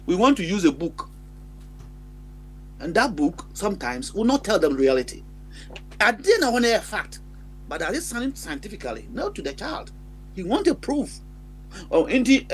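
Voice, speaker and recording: A man with a Ghanaian accent telling a story in animated chat, switching between English and Twi and laughing often. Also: high voice, moderate pace, pauses often, slight background noise, rough recording.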